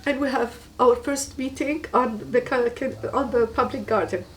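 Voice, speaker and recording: A woman from Tunisia, giving a personal testimony in an earnest, halting way and repeating words for emphasis. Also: fairly high pitch, recorded from a distance, slight background noise, low-quality recording. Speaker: guest giving a faith testimony.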